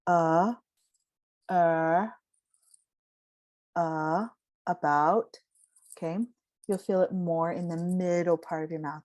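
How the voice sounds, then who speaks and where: Slow, low-voiced woman teaching a lesson. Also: a little mellow. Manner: slow and explanatory, frequent fillers, stretches out example words. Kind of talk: casual spoken lesson.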